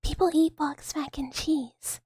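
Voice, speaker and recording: A woman from the American South, chatting in a whispered ASMR live stream. She whispers softly and rambles, with many fillers. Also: high-pitched, steady tone, measured pace, no room sound. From Southern United States.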